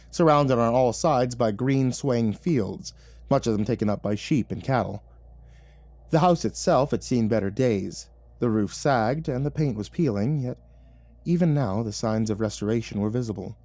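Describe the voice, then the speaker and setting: A man narrating a scripted horror story in a measured storytelling manner. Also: mid-range voice, warm tone, no room sound.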